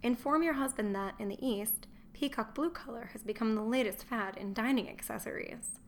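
A woman's voice: on the high side, moderate pace, slight background noise, natural voice. Easygoing roman watch captain, wry and cheerful, woman narrator doing him, audiobook. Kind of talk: audiobook character voice.

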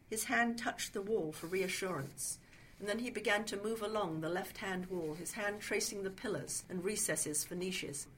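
A woman reading a suspense story aloud in a hushed, suspenseful manner. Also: fairly low pitch, a little hiss or hum. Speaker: story reader.

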